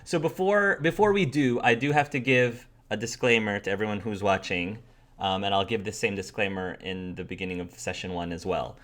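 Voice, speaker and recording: A man's voice: fairly low pitch, fairly even intonation, brisk, a bit bright. A man hosting as game master, chatting casually and giving earnest, emphatic praise to his players. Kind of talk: casual chat.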